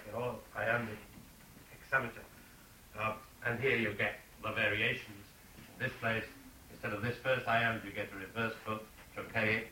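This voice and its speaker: Halting male lecturer in an echoey classroom. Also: lowish voice, bright, forceful tone. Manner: halting, many ums, reads verse slowly with stressed beats. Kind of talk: poetry lecture. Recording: echoey room from far off, noisy.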